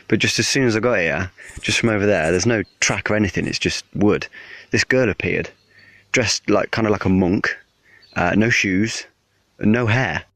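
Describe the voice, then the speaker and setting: A man's voice: low voice, a bit bright. A man vlogging from his camper van, rambling and nervous as he tells what happened. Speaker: van traveller filming himself. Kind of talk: casual vlog to camera. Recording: distant, dull lo-fi clip with music.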